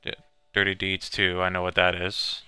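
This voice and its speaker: Male gamer, crisp and bright, dry close sound, casual hesitant commentary. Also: low voice, monotone, moderate pace, no echo. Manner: hesitant, many fillers, reads on-screen text aloud. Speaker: gamer playing a video game. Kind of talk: casual let's-play commentary.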